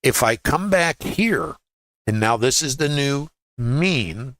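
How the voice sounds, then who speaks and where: A man's voice: mid-range voice, animated, slow pace, a bit bright, no echo. A man leading a live trading lesson, walking through charts in a conversational way and asking viewers rhetorical questions. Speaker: trading educator. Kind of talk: live trading webinar walkthrough.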